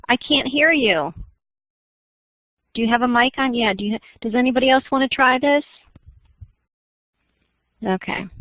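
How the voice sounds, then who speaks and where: A woman's voice: mid-range voice, no room sound. A woman teacher running an online algebra class, chatty and laughing, with many fillers. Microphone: computer mic in online class. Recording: dull dry lo-fi computer audio.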